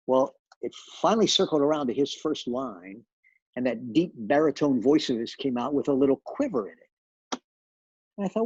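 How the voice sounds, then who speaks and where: A man's voice: mid-range voice, expressive, normal speed, darkish tone, breathy edge, dry recording, muffled recording. An older man, a television director, telling behind-the-scenes stories in an interview, full of restarts and repeated words. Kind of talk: storytelling interview.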